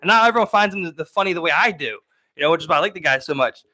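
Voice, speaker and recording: Fast bright-voiced man rambling. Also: on the high side, animated. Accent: Baltimore. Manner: rambling, filler-heavy, many "like"s. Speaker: podcast co-host. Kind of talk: casual podcast chat.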